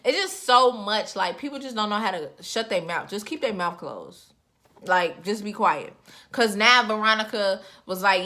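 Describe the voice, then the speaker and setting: A young woman reviewing a reality show in casual, expressive chat, her voice jumping up in pitch as she reacts. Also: normal speed. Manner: chatty, expressive, with sudden pitch jumps.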